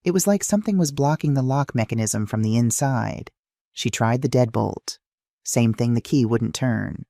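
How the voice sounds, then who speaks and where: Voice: medium pitch, moderate pace, creaky, mellow, no room sound, studio quality. A narrator reading a dramatic family story aloud in a scripted style.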